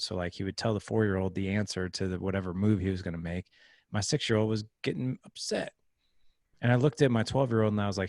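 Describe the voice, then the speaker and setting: Low-voiced man telling a parenting story. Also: no room sound, studio quality. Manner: earnest storytelling, acts out his son's pleading lines. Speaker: guest, parenting podcaster. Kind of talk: casual interview talk.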